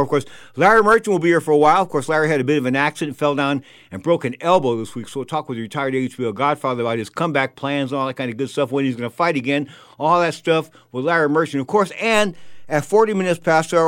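Breathless, fast-talking radio host man. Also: a little high, no echo, clean studio sound. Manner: energetic, rambling, leans on "of course". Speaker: radio talk show host. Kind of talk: live sports talk radio. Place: radio studio.

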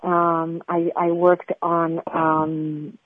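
A woman's voice: lowish voice, completely flat delivery, drawn-out words, no room sound, phone-quality sound. A woman from France, a voice actress guest, talking casually in an interview with many fillers and restarts. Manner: chatty, frequent fillers and restarts.

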